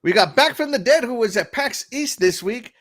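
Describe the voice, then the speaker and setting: Lively upbeat man hosting a podcast. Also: extremely high pitch, normal speed. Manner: upbeat, chatty, laughs often, greets viewers one by one. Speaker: podcast host. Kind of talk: casual livestream podcast chat.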